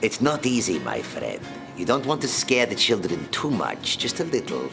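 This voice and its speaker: A man's voice: on the low side, wildly swooping pitch, normal speed, creaky, heavily acted. A man doing the voice of an evil cartoon wizard in a sneering stock villain voice, with music behind. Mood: sneering villainy. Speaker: voice actor in interview.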